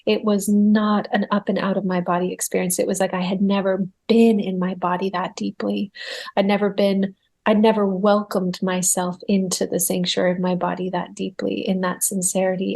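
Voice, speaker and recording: A woman guest telling her spiritual birth story in a podcast interview. She speaks earnestly and reflectively, and grows animated when she relives her fear. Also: mid-range voice, moderate pace, creaky. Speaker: guest medium.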